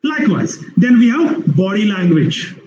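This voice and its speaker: Indian English lecturer, high bright-edged voice. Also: male voice, big pitch swings, unhurried, reverberant, muffled recording, a little hiss or hum. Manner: repetitive, explanatory, many fillers and restarts. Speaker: university lecturer. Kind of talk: online webinar lecture.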